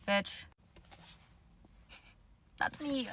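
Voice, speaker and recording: A woman's voice: mid-range voice, measured pace, pauses often, pushed and bright. A young woman telling a storytime to her phone camera in an angry rant, swearing bluntly. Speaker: social media storyteller.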